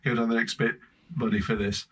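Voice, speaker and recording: A man with an English accent, a podcast guest telling travel stories in lively casual chat, laughing often. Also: mid-range voice, brisk, slightly rough. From Britain. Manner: animated storyteller, laughing often.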